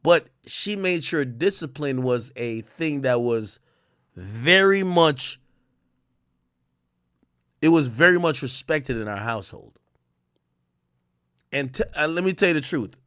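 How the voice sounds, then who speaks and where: A man hosting a livestream, ranting in profane, animated commentary that swings from loud outbursts to low muttering. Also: takes it slowly, pauses often, no echo, studio quality. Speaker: livestream host.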